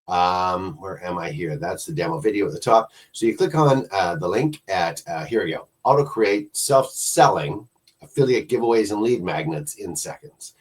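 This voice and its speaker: Male reviewer, low husky voice, casual walkthrough of a product, offhand with dry skeptical asides. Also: lively intonation, moderate pace. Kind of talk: casual screen-share software review.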